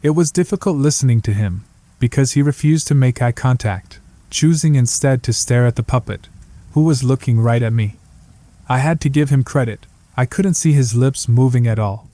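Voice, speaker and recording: A man's voice: mid-range voice, moderate pace, mellow, dry recording. Gritty man narrating a horror tale. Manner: gritty, hard-boiled detective telling. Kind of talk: first-person horror story narration.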